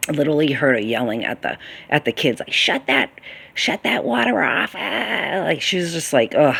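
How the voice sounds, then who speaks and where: A woman casually telling a long, rambling story about a bad job, aggrieved, with many fillers and restarts. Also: sits low. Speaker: vlogger.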